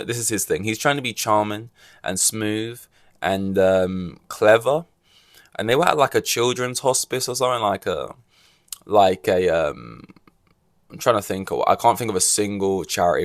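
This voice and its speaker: Lowish, dry-voiced man rambling wryly. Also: a bit bright, dry recording. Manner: rambling and wry, with many fillers and restarts. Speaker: podcast host. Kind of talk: casual solo podcast monologue.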